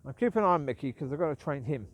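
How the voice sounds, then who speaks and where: A man's voice: fairly high pitch, lively intonation, racing. A man talking to camera in a rambling, casual vlog monologue, aggrieved and self-justifying, repeating himself, while outdoors with his dogs. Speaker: vlogger.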